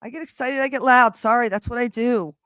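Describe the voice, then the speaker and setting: A woman hosting a livestream, chatting casually with viewers in a loud, animated way and swearing freely, recorded on a streaming microphone. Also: fairly high pitch, brisk, no echo. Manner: loud and animated when excited. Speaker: livestream host.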